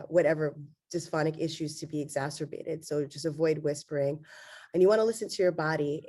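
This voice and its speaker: A woman laryngologist giving an online medical lecture, with a congested, nasal voice and frequent "um"s. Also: low-pitched. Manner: steady explanatory delivery with frequent fillers.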